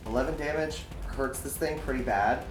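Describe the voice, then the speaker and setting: A man running a tabletop game as game master, describing the scene in a relaxed way and swearing casually. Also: mid-range voice, normal speed, reverberant, over music.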